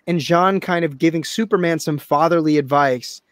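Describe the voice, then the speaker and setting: An animated man co-hosting a comics talk show, laughing as he tosses out story ideas. His voice sits a little high and the sound is dry and close. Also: normal speed, no room sound. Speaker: podcast co-host. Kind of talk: casual chat.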